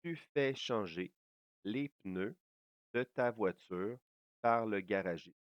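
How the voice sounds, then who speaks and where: A man giving a slow, careful language lesson, pausing often with fillers as he explains. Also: on the low side, no echo, dull audio. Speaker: French teacher.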